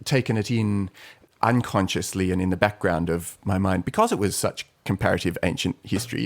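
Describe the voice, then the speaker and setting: Low-voiced man explaining calmly. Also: gravelly. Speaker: podcast co-host. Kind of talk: casual history podcast chat.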